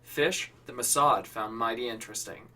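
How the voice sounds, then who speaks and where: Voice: medium pitch, moderate pace, bright, forceful tone, distant mic. A storyteller who reads his own short fiction, swearing and joking about himself between the lines. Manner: swearing, self-deprecating, hesitant between lines. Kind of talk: casual storytelling with asides.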